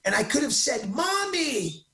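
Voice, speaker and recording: A man as an interview guest, telling his story in an excitable, emphatic way and often cutting himself off mid-sentence. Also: very high voice, moderate pace, reverberant.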